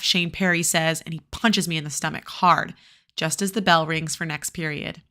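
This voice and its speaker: Bright-voiced woman reading a novel aloud. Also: on the low side. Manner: casual, chatty asides with fillers and restarts. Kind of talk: read-aloud with commentary.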